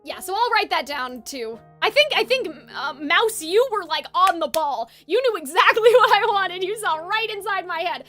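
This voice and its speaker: Very high-voiced, bright woman streamer. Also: animated, normal speed, few pauses, soft background music. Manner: rambling and chatty, often correcting herself. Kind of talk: casual live-stream chat.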